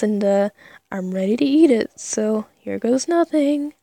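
A woman's voice: on the high side, lively intonation, unhurried, vocal fry, mellow, dry recording. A woman talking casually in an ASMR eating clip, giggly and hesitant with many fillers. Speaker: ASMR creator.

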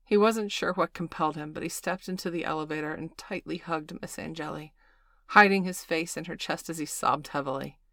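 A woman narrating an audiobook in a steady, even storytelling manner. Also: deep voice, fairly quick, no room sound.

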